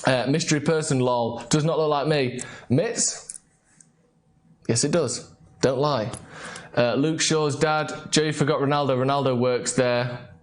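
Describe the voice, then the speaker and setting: A man's voice: medium pitch, steady tone, measured pace. A young man hosting a casual live football show, joking and rambling playfully. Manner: jokey, playful, rambling banter. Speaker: host. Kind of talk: casual live-stream chat.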